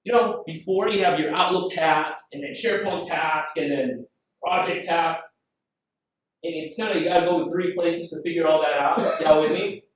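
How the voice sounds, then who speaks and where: A man from Southeast Asia giving a live conference software demo, lively and jokey, full of rhetorical questions. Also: fairly high pitch, normal speed. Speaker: conference presenter. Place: conference room. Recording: very echoey, distant, dull hall sound.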